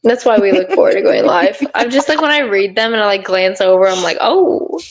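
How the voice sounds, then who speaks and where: Woman, mid-pitched, upbeat, laughs often, reads comments out, casual livestream co-host. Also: fast. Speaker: livestream co-host reading chat.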